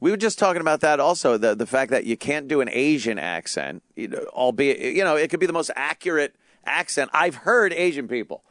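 Male host, slightly high voice, lively delivery with bursts of mimicry. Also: a little fast, no echo, clean studio sound. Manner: animated, swears, acts out quotes in exaggerated voices. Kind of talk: casual chat.

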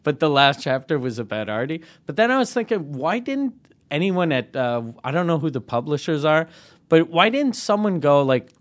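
A man co-hosting a casual podcast, relaxed and profane, laughing often. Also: on the high side, moderate pace. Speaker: podcast co-host. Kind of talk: casual chat.

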